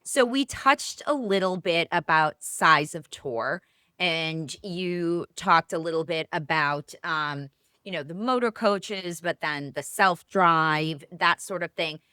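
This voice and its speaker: Bright, lower-pitched woman co-host. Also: takes it slowly, smooth, no room sound. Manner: conversational, casual questions. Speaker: podcast co-host. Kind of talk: podcast interview.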